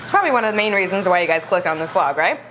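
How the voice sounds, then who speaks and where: Fast-talking young woman vlogger. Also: on the low side, a little hiss or hum. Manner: chatty, animated, laughs between bites. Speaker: vlog co-host. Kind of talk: casual storytelling to camera.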